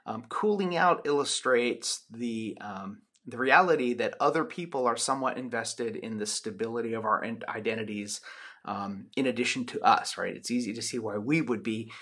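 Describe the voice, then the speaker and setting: A man's voice: medium pitch, normal speed, fairly bright tone. A man lecturing on sociology in a loose, chatty way, with many ums and restarts. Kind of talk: recorded lecture with personal anecdote.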